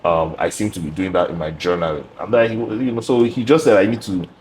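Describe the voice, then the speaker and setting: A young man hosting a podcast, talking about himself in a reflective, measured way with frequent ums and restarts. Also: low-pitched, fairly even intonation, darkish tone, rough recording. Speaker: podcast host. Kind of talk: casual interview chat. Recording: faint background noise.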